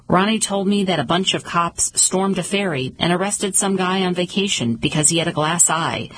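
Low husky woman narrating a story. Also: rough recording. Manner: calm, measured storytelling. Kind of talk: audiobook narration.

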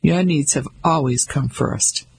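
A proud middle-aged wife, clipped and affronted, with a very raspy, husky, gravelly edge, as a man reads her lines. Her voice sits a bit high and stays cold and controlled. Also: unhurried, dry recording, heavily acted. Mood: bitter.

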